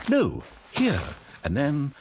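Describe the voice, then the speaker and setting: A man's voice: a little high, wildly swooping pitch, slow pace, a little hiss or hum, exaggerated voice. A man voicing a pompous, condescending male game narrator in a comedy parody, speaking in a grandiose, theatrical way.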